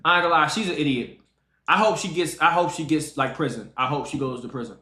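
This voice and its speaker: Animated man in an echoey room. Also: a little high, quick pace. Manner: animated, emphatic, mocking, repeats himself. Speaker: streamer reacting to a video. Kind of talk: casual reaction commentary.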